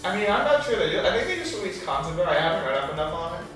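A man's voice: high voice, big pitch swings, racing, a bit bright. A young man, a student podcast host, chatting casually and animatedly, often trailing off mid-sentence. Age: young adult. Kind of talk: casual chat. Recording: echoey room, voice from a distance, music behind.

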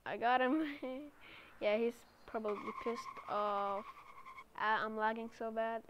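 A woman's voice: on the high side, steady tone, takes it slowly, muffled recording. A woman giving casual gameplay commentary as a gaming YouTuber, chatty and reading internet slang aloud. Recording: loud game car-engine noise behind.

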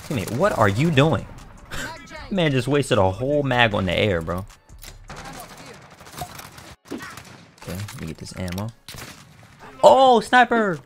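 A man commentating his own online shooter matches in casual slang, excitable, trash-talking other players and bursting into shouts. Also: low voice. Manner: casual slang-heavy banter. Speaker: gaming YouTuber. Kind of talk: live gameplay commentary.

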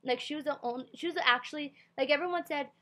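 A young woman with a slightly high voice rambles through a casual storytime into her computer's built-in mic. She talks loosely and keeps circling back with "like" and half-finished thoughts. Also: quick pace, sharp tone. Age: young adult. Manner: rambling, heavy use of "like", restarts. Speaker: vlogger telling her story.

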